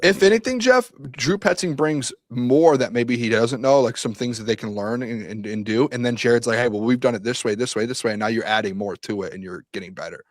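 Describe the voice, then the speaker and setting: A man's voice: mid-range voice, brisk, few pauses, dry recording. A man co-hosting a sports talk show, optimistic and rambling, with many fillers in casual chat.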